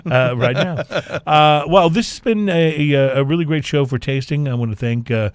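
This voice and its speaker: Man, show host, casual chat, halting delivery full of fillers, dry close sound. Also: on the high side, smooth, dry recording. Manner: halting, many fillers and restarts. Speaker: podcast host.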